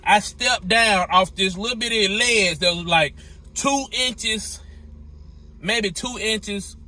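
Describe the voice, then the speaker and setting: Male owner-operator trucker, high bright voice, loose casual storytelling, lots of exclamations. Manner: animated, repetitive, exclamatory.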